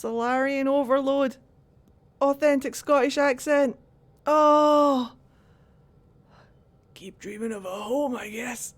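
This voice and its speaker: Excitable gushing woman streamer. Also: sits high, a little slow. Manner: gushing, excitable, repeats words. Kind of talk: casual gameplay commentary.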